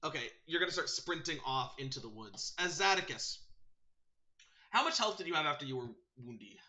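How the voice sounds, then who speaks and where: A man running a tabletop game as game master, describing scenes and calling for rolls in a quick, lively way. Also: on the high side, echoey room. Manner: quick, lively narration with voiced side characters.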